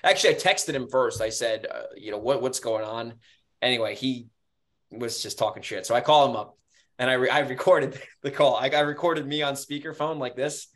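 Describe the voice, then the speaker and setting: A man with a New York accent co-hosting a podcast, telling stories in an animated way and swearing freely. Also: medium pitch, brisk. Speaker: podcast co-host. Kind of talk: casual podcast chat.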